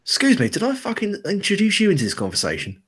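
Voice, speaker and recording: A man's voice: sits high, huge pitch swings, fast, a bit bright, husky, voice pushed up, heavily acted. A man voicing an aggressive young pub thug who swears at everyone. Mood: hostile. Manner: swearing, hostile and mocking.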